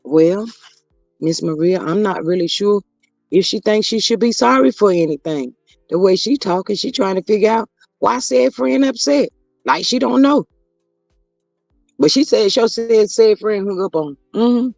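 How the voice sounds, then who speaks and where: A man's voice: high voice, expressive, a little slow, gravelly, a little mellow, no echo, faint music behind. A man hosting a casual gossip livestream, chatting to viewers and reading their comments aloud. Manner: chatty, reads viewer comments aloud, drawling asides to chat. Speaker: livestream host.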